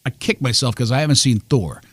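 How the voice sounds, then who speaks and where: A man's voice: medium pitch, lively intonation, a little fast, fairly bright tone, dry recording. A man hosting a radio interview, chatty and jokey, often cutting in. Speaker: radio show host.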